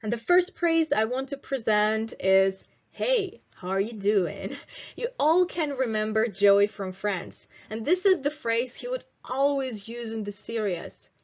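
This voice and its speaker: A young woman teaching English in a video lesson, slowly modelling phrases for students to repeat. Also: fairly high pitch, expressive, muffled recording. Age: 20s. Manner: slow, clear teaching delivery with drilled example phrases.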